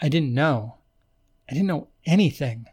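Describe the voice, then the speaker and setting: A man's voice: fairly high pitch, lively intonation, measured pace, a little mellow, slightly rough. A man voicing a frightened, sheltered young man in a storybook reading, blurting his words in panic. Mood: apologetic.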